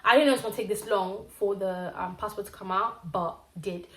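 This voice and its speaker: A young woman from Zimbabwe, telling a casual storytime vlog in an animated, slangy way with acted-out quotes. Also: medium pitch, a little fast, a little hiss or hum. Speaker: vlogger. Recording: roomy echo.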